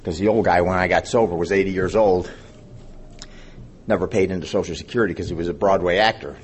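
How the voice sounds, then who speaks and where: Low-pitched and quick, a man in his fifties gives a rambling personal account to a recovery meeting audience, cracking jokes with them, with slight background noise behind him.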